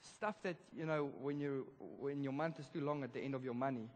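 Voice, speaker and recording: A man preaching a sermon, telling a story in a lively, casual way with slang. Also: medium pitch, fairly quick. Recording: reverberant church hall.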